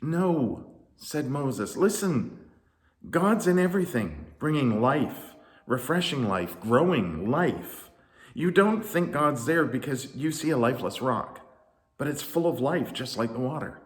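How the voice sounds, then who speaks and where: A man voicing Moses as an exasperated leader who keeps protesting, loud and emphatic, in a children's story. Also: medium pitch, very animated, unhurried, pitched above the performer's own voice. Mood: insistent. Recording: roomy echo.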